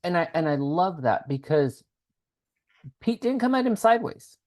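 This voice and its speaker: A man's voice: sits high, normal speed. A man co-hosting a podcast, chatting casually in a loose, storytelling way with plenty of "like". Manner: animated, loose storytelling with lots of "like". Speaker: podcast co-host. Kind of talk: casual TV recap chat.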